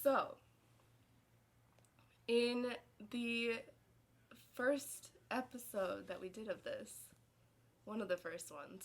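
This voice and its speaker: A woman's voice: mid-range voice, slow pace, pauses often. A young woman from Minnesota with a Minnesotan accent, co-hosting a casual podcast chat and laughing often. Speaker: podcast co-host.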